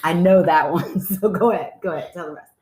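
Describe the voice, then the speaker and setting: A woman's voice: on the low side, quick pace, mellow. A woman co-hosting a podcast as the skeptic, chatting casually in a blunt, teasing way.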